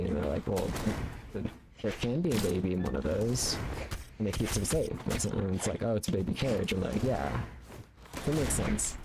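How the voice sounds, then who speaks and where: A man's voice: fairly low pitch, noisy background. A man streaming a fighting game, rambling playfully with many fillers over his own play. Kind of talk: casual gaming commentary. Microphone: studio condenser mic.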